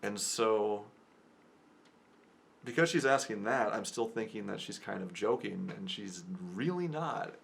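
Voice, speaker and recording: A man's voice: on the low side, a little slow, vocal fry. A young man rambling through a personal story as a casual vlogger, often chuckling and cutting himself off. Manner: rambling, chuckling, self-interrupting.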